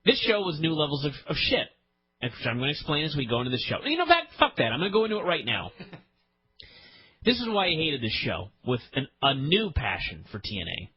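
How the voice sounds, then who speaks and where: A man hosting a podcast launches into an exasperated, profane rant, his husky voice leaping up and down all the while. He sits a touch high in pitch, and the audio is slightly dull and lo-fi. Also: sing-song, fairly quick. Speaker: podcast host. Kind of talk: ranting wrestling podcast chat.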